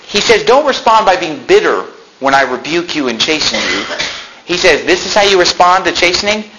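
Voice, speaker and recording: A man's voice: high-pitched, sing-song, normal speed, pushed and bright, slight background noise, low-quality recording. A man preaching a sermon as pastor, talking conversationally, often laughing and acting out complaining voices.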